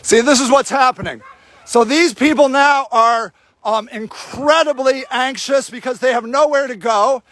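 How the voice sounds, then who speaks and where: This man's voice sits extremely high and comes out bright and forceful. He shouts in anger with biting sarcasm while livestreaming outdoors on his phone. The sound is close and dry. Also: unhurried, dry recording. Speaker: activist filming a camp sweep. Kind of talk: livestreamed street confrontation. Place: outdoor homeless camp in snow.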